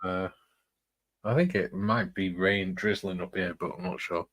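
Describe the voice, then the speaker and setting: A man's voice: sits low, steady tone, unhurried, fairly bright tone, no room sound. A man casually rambling through anecdotes and reading chat on a live stream, chuckling often, in a room with the curtains closed.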